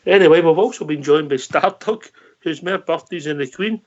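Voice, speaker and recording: A man hosts a phone-in, greeting callers in a friendly way. His voice sits a little high. The audio is dull and lo-fi. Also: normal speed, darkish tone. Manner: friendly, calls people mate. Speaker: host. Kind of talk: casual phone-in hosting.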